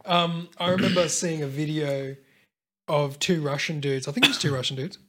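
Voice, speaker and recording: Young dude, higher voice, chill casual podcast chat, keeps asking stuff. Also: male voice, normal speed. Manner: laid-back and eager, asks lots of questions, swears. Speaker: podcast co-host.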